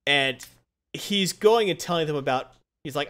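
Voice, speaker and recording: A man's voice: on the high side, expressive, moderate pace, a bit bright. A man in casual chat, rambling through a story recap with lots of fillers.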